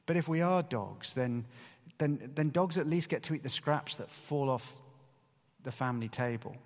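A man's voice: medium pitch, normal speed. A man preaching a sermon to a congregation, talking in a conversational way with emphatic bursts of stress. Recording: long hall reverb.

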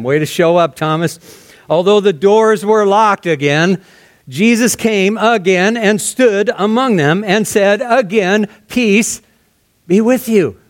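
A man preaching a verse-by-verse sermon in a conversational way, dropping to soft, hushed tones for emphasis. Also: high voice. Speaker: pastor. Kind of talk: expository sermon.

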